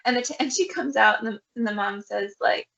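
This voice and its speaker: A woman's voice: fairly high pitch, brisk, creaky, a bit bright, highs cut off. A woman co-hosting a podcast, rambling in casual chat with lots of filler words. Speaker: podcast co-host.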